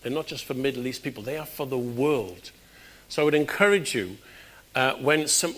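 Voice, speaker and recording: A British man preaching a conversational sermon in a church, with sudden loud, emphatic bursts. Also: medium pitch, moderate pace. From Britain.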